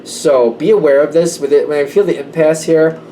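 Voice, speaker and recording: A man's voice: a little high, fairly even intonation, brisk, warm tone, recorded from a distance, a little hiss or hum, rough recording. A man giving a casual tarot reading to camera, conversational and emphatic. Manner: conversational, emphatic, slips into quoted voices. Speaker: tarot reader.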